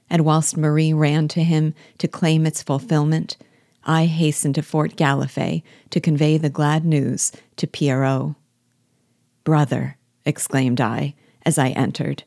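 A woman reading a classic novel aloud in a measured, expressive way, giving the dialogue light shifts of tone. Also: low voice, no room sound, clean studio sound. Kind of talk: book reading.

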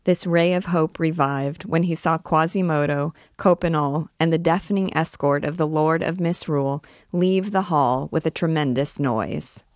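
A woman reading a classic novel aloud in a measured, expressive way as a guide to the book. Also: deep voice, no echo, clean studio sound.

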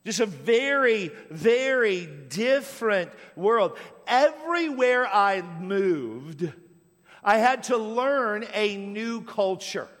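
Delivering a sermon with stories, this middle-aged Washington State pastor repeats words to build each point. He speaks slowly in a high, sing-song, somewhat bright voice, and the room leaves a long reverb tail.

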